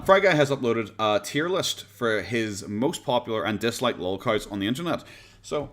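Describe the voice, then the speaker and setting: With his pets nearby, an Irish livestream host chats his way through a casual reaction stream from home. His voice sits in the mid range with a slightly bright edge, picked up by a USB condenser desk mic. He wanders from topic to topic, laughs often, and swears freely.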